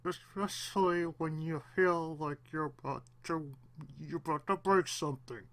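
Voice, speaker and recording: A man hosting his own channel, alone at home, giving a raw, halting confessional monologue on the verge of tears, with pauses, restarts and the odd swear. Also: a little high, a bit bright. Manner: halting, repeats himself, long pauses, swears. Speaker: channel host.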